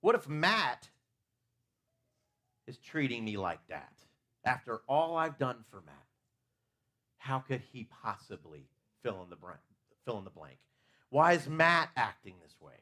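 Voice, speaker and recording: A man's voice: mid-range voice, big pitch swings, moderate pace, bright, forceful tone. A man preaching a conversational sermon in a church, asking his listeners questions and talking openly about his own faults.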